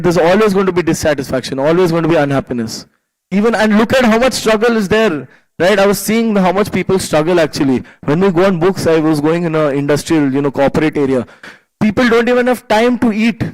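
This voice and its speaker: A man's voice: fairly high pitch, low-quality recording. A man giving a scripture class in a temple, telling stories animatedly and acting out the people he quotes. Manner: animated storytelling, acts out quoted voices. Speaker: class speaker. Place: temple hall.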